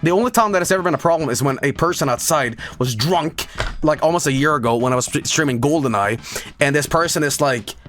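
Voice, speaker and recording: A young man streaming live, chatting casually and profanely, rambling through anecdotes and slipping into silly high voices. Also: fast talker, fairly bright tone, soft background music.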